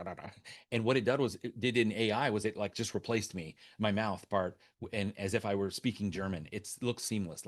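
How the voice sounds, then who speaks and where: A man answering questions as a webinar guest speaker, talking off the cuff with many restarts and fillers. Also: low-pitched.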